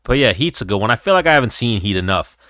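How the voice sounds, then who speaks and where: A man's voice: fairly low pitch, big pitch swings, quick pace, a bit bright, no room sound, studio quality. A young man hosting a livestream, chatting loosely and rambling with a lot of profanity. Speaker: livestream host. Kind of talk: casual chat with live chat.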